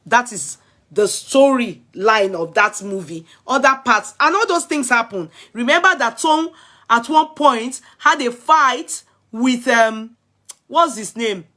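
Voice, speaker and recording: Nigerian woman, Yoruba-tinged accent, a touch high-pitched; blunt, emphatic live-stream host. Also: expressive, slow pace, bright, forceful tone. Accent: Nigerian, Yoruba-inflected. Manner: blunt, emphatic, answers viewers' comments directly. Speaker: vlogger reviewing films. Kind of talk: casual live-stream chat.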